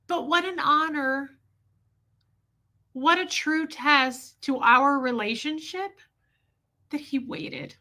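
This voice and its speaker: A woman's voice: high voice, slow pace, pauses often, bright, forceful tone. A woman hosting a podcast, telling a personal story in a rambling, candid, emotional way and swearing freely. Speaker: podcast host.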